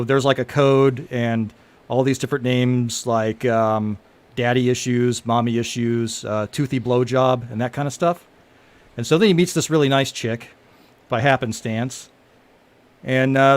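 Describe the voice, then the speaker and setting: A man casually reading his own screenplay aloud to friends, halting and laughing, with many fillers. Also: medium pitch.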